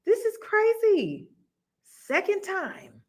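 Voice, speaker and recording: A woman hosting a reaction video, commenting with expressive, exasperated reactions. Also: very high voice, slow.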